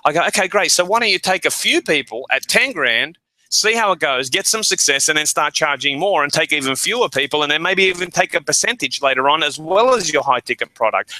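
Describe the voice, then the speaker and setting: A man as a guest, telling business stories in an animated way and acting out the people he quotes. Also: fairly high pitch, brisk, no room sound, rough recording. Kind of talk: energetic storytelling.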